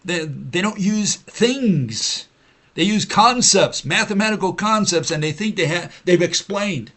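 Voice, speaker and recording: A man with a somewhat high voice hosts a livestream and lectures in a long, rambling monologue. He argues and repeats himself, filling gaps with "uh" and "you know," and he mocks the people he disagrees with by mimicking them. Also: expressive, a little slow, fairly bright tone. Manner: argumentative, repetitive, with frequent "you know" and "uh" fillers; mocking, mimics opponents in quoted voices. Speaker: host of a science-skeptic livestream.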